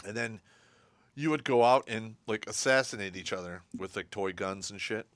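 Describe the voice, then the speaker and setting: A bright, forward-voiced man holds the floor with a rowdy story on a livestream, laughing through his own punchlines. His voice is close and dry, with no room sound around it. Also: lowish voice, normal speed, dry recording. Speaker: co-host. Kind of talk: casual livestream chat.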